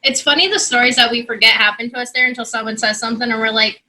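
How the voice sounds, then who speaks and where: A woman's voice: a little high, fast talker, sharp tone, poor audio. A woman co-hosting a podcast over a video call in casual chat, blunt and swearing, laughing often. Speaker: podcast co-host.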